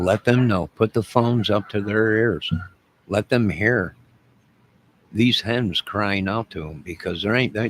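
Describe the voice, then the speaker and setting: Man, low gravelly voice, rambling boastful rant, mock-menacing drawl, comic monologue to viewers. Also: a bit bright, a little hiss or hum. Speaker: online music and movie channel host.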